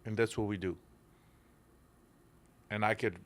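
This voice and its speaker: Speaking unhurriedly with long pauses, a middle-aged Polish podcast guest keeps a steady tone in a lowish voice. Polish is his native tongue and he has the accent; his storytelling in broken English is blunt, emotional, and occasionally profane, all in a casual chat.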